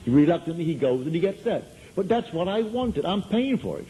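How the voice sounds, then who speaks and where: Animated and quick-paced, a man with a fairly high, mellow voice addresses a live audience on spiritual topics. He uses conversational storytelling and emphatic repetition, and the poor audio has a little hiss or hum.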